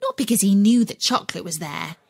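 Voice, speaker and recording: Husky woman reading a children's story. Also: medium pitch, a little fast, dry recording. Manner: expressive, storytelling. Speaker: narrator. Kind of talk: children's audiobook narration.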